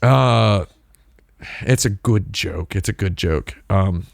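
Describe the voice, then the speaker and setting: A man's voice: fairly low pitch, slow pace, vocal fry, a little hiss or hum. A man hosting a live stream, chatting casually in a rambling, digressive way with lots of restarts. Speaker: livestream host.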